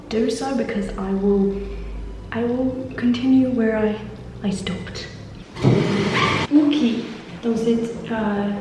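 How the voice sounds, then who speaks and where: A woman vlogger teaching French pronunciation, talking haltingly with many restarts and switching between French and English. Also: medium pitch, mellow. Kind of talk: casual tutorial vlog. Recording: echoey room, voice heard from a distance, faint room noise.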